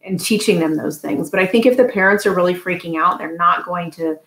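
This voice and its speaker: A woman who educates new parents, answering interview questions in a calm, explanatory way. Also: fairly low pitch, a little fast. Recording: echoey room.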